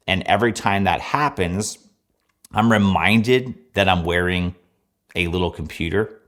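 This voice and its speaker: A man talking through a scripted review of running watches, measured and plain-spoken. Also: sits low.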